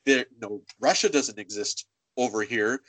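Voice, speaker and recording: A man in casual conversation about a video game, talking with animated energy and slipping into voices for characters. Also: mid-range voice, a little slow, dry recording, rough recording. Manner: animated, acts out game dialogue in funny voices. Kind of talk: casual gaming chat.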